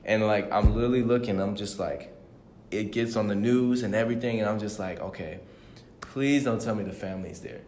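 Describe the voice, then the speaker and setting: A man's voice: lowish voice, a little fast, a little mellow, reverberant, a little hiss or hum. A young man co-hosting a podcast, telling a story in a laid-back, slangy way. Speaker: podcast co-host. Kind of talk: casual chat.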